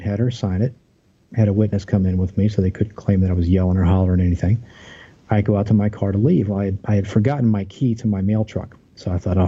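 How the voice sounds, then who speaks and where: A man's voice: deep voice, warm tone, husky, highs cut off. A man as an interview guest, earnestly telling his story of a workplace conflict, aggrieved, with many restarts.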